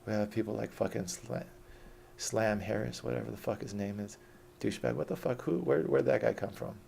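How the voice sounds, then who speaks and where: A middle-aged man with a low, heavily gravelly voice rants in a casual vlog. He is profane, combative and mocking. A faint hiss sits under the recording. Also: steady tone, fairly quick, warm tone. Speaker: vlogger. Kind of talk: unscripted rant.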